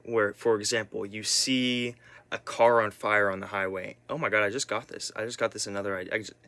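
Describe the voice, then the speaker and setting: A man's voice: fairly low pitch, steady tone, brisk, pushed and bright, clean tone, no room sound. A young man rambling intensely in a casual vlog, swearing often and restarting his sentences. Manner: intense, profane, restless, many restarts. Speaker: vlogger.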